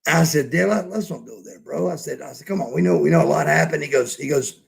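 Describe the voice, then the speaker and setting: A man's voice: fairly high pitch, expressive, brisk, creaky. A man telling a story as a podcast guest in a blunt, profane way, acting out the lines of the people in it. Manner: profane, blunt, acts out quoted dialogue. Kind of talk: casual storytelling.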